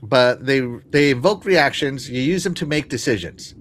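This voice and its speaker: A man's voice: medium pitch, animated, moderate pace. A man hosting a casual live-stream show, talking to his chat with lots of fillers and restarts. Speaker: podcast host.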